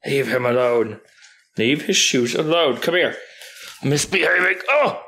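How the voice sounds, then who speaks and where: A man chatting casually on camera while playing with his puppy, playful, often jumping up into high baby-talk at the dog. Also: huge pitch swings, drawn-out words, pauses often, pushed and bright, slight background noise. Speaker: YouTuber filming his dog. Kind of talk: casual vlog chat with a puppy.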